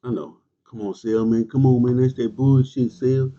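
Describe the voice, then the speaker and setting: A man's voice: mid-range voice, fairly even intonation, normal speed, dark tone. A man giving an emphatic, repetitive livestream talk as a motorcycle club leader, using street slang and answering viewers' comments. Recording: dull lo-fi stream audio.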